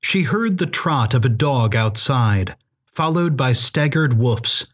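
A man reading a suspenseful story aloud as narrator, in a measured audiobook style. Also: medium pitch, expressive. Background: music.

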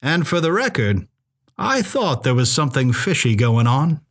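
A man's voice: medium pitch, very animated, normal speed, loud music behind the voice. A man voicing a folksy, drawling older truck driver. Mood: amused.

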